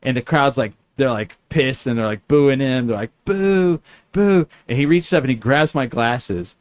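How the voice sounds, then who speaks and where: Male podcast host, lively chatty storyteller, mid-pitched, easygoing. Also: moderate pace, dry recording. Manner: animated storyteller, many fillers and restarts. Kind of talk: casual chat.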